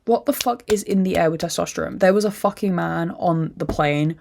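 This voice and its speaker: Low-voiced woman venting. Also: fairly quick, vocal fry, darkish tone, a little hiss or hum. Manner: emotional venting, frequent swearing. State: drained and upset. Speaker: podcast host. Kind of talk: candid solo monologue.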